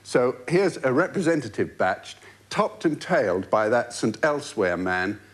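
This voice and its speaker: A man's voice: mid-range voice, expressive, unhurried, heavy background noise. A man narrating the links between clips with a wry, arch delivery. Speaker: host, narrator. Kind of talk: scripted link narration.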